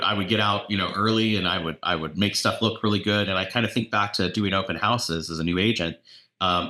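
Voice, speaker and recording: Man, deep and bright-toned, animated anecdote teller, echoey room sound. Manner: animated anecdotes, repeats words. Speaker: real estate agent and coach. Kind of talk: casual storytelling.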